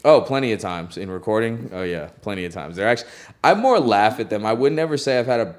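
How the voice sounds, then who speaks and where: A young man who works as a recording engineer, telling stories in a casual interview, relaxed and laughing often, with lots of "like" and "you know". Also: fairly low pitch, quick pace.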